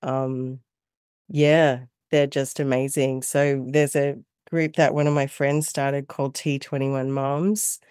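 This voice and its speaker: A middle-aged Australian woman, a mother and carer, telling animated stories in a casual interview and laughing often. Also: rumbling low, takes it slowly, clean tone, no echo, studio quality.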